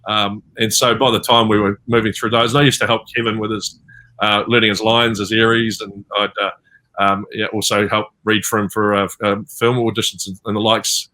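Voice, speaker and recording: Man, New Zealand accent, bright timbre, rambling anecdotes, video call interview. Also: lowish voice, level tone, moderate pace. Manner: rambling anecdotes with many fillers and restarts. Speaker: voice actor guest. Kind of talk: convention panel interview over video call.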